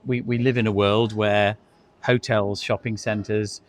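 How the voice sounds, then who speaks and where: A man's voice: on the low side, flat delivery, unhurried. A middle-aged man, co-hosting a casual industry discussion and telling chatty anecdotes, sometimes repeating words as he goes. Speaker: co-host, hospitality industry expert.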